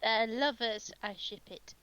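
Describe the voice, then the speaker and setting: A woman playing a tabletop game, excited and gushing. Her voice is bright and fairly high. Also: a little slow, clean tone, highs cut off. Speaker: player.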